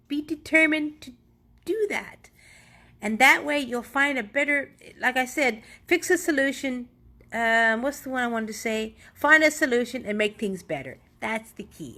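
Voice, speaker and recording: A woman's voice: on the high side, sharp tone. Earnest, rambling woman giving pep talk. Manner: earnest, rambling, self-correcting. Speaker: motivational vlogger. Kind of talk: casual motivational talk.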